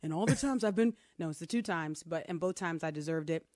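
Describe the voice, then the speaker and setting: A woman's voice: fairly low pitch, fast, no room sound, studio quality. A middle-aged woman co-hosting a casual chat, telling stories animatedly and acting out the people she quotes. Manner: animated storyteller, lively quoted voices. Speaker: co-host.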